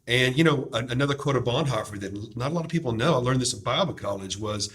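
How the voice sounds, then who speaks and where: A man with a medium-pitched voice hosts the discussion. He speaks in a fervent, emphatic, preacher-like way and drives his points home. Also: fast talker, fairly bright tone. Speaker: host promoting a DVD series. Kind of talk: impassioned discussion.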